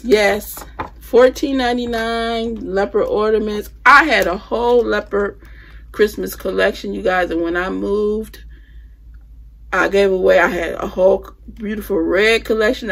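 A woman's voice: medium pitch, creaky, a bit bright, a little hiss or hum. A woman chatting casually with her viewers as she shows off the holiday decor she bought, using phrasing like "y'all" and "I'ma". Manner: chatty, addresses viewers as "you guys". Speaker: home decor vlogger. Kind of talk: casual haul chat.

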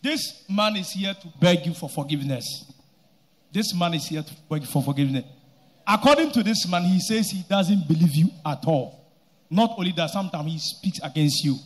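A man presenting a congregant's testimony to a church leader, slow and emphatic, building to loud declarations. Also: high-pitched, lively intonation. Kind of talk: public church testimony narration.

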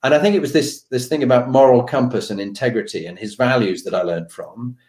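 A middle-aged man, a podcast host being interviewed, telling an anecdote with animated delivery. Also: medium pitch, a little fast. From United Kingdom. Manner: animated, acts out the voices of the people in his stories. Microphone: video call. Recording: roomy echoey room.

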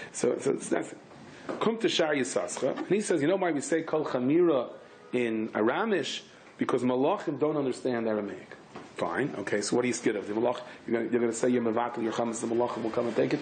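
A man, a rabbi, giving a lively Torah class in English mixed with Hebrew and Yiddish words, with sudden high, emphatic bursts. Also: slight background noise.

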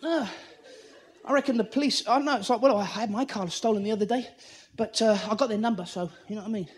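A man's voice: high-pitched, fast talker, slight background noise. A man doing stand-up in a theatre, manic and profane, acting out little scenes as he goes. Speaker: stand-up comedian. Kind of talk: stand-up comedy routine. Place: theatre stage.

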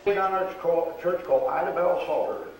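A man's voice: high voice, steady tone, fast, darkish tone, recorded from a distance, slight background noise. Older man preaching folksy sermon, echoey church. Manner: folksy storytelling, acts out quoted voices. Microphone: far camera. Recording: roomy echo, recorded from afar.

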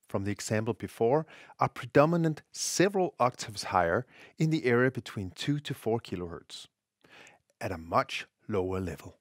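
A man's voice: mid-range voice, no room sound. This is a man in the middle of his range, delivering a scripted technical lesson. His intonation rises and falls a lot as he stresses each point with care. The sound is dry and close, with no room around it. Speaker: audio tutorial presenter.

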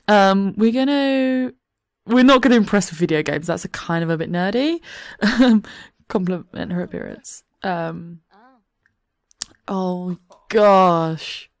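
A woman's voice: mid-range voice, slow, pauses often, no echo, studio quality. A woman giving chatty, giggly let's play commentary into a desk microphone at home. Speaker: gaming YouTuber.

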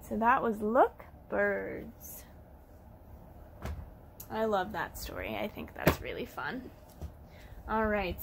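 A woman's voice: fairly high pitch, creaky, fairly bright tone, slight background noise. A woman teaching toddlers at storytime, reading aloud in an encouraging, sing-song way. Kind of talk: storytime lesson for young children.

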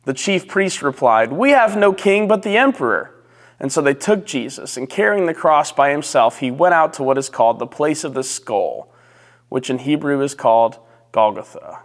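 A male pastor slowly reading scripture and leading prayer in a measured, solemn way. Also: mid-range voice, animated, long reverb tail. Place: church sanctuary.

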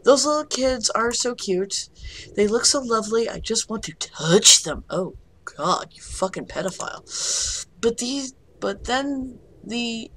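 A woman's voice: a little high, sing-song, a little slow, a bit bright, slightly rough. A woman commentating a horror game, jumpy and swearing when startled, rambling in chatty asides to her viewers. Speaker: gameplay video host.

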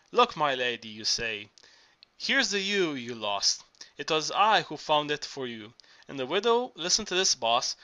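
A man's voice: on the high side, pushed and bright, clear, resonant tone. A man reading an audiobook aloud, voicing an earthy, boisterous older Greek working man who talks urgently and coaxingly, stumbling and restarting as he goes.

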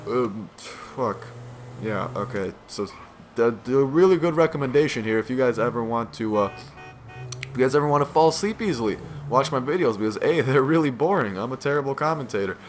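A man's voice: mid-range voice, expressive, a little fast, faint music behind. A man giving casual gameplay commentary, rambling, swearing and self-deprecating, sounding tired and yawning.

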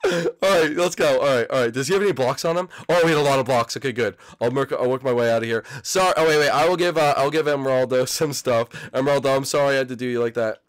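A young man hosting a gaming channel, excitedly commentating his own gameplay and calling out to other players and viewers. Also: mid-range voice, fast, hardly any pauses.

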